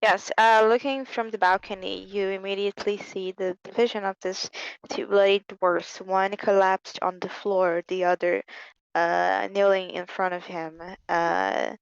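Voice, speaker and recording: Woman narrating a tabletop game, gravelly voice, slow halting delivery, dull dry recording. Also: medium pitch, flat delivery, no room sound. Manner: halting, many ums and repeats. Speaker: game master.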